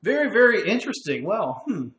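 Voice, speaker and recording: A man's voice: sits high, big pitch swings, fairly quick, fairly bright tone, reverberant. A man from Western Pennsylvania hosting a casual bar-talk webcast, upbeat and chatty, laughing often. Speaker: podcast host.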